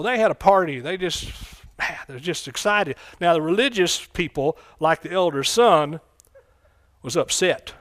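A man preaching a folksy sermon in church, breaking into loud excited bursts. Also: a little high, dry recording, studio quality. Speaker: pastor.

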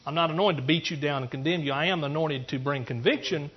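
A pastor from East Texas giving an earnest testimony sermon, rambling through restarts and rising into emphatic preaching. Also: male voice, on the high side, quick pace, slightly rough, dull audio.

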